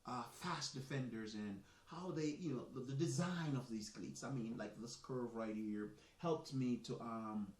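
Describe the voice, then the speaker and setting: A man's voice: medium pitch, unhurried, hardly any pauses. A man with a Jamaican accent hosting a soccer live stream, talking in a chatty, boastful, rambling way. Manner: animated, boastful, chatty with restarts. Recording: echoey room, mic at a distance.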